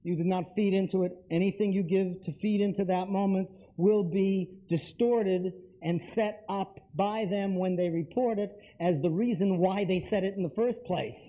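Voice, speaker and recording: A man's voice: high-pitched, moderate pace, hardly any pauses. A man giving a live lecture to an audience, talking emphatically and straight to them with repeated phrases. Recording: tinny lo-fi lecture recording.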